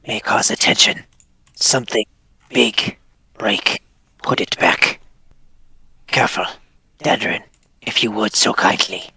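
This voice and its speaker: A man's voice: on the low side, slow, vocal fry, long pauses, bright, forceful tone, husky, full character voice. A man voicing a terse character in whispered role-play, speaking in short, broken phrases. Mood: cautious.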